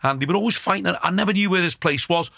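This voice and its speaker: A man's voice: high-pitched, quick pace, gravelly, bright, forceful tone. A middle-aged male comedian, telling blunt, sweary stories in casual chat. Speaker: comedian, podcast co-host.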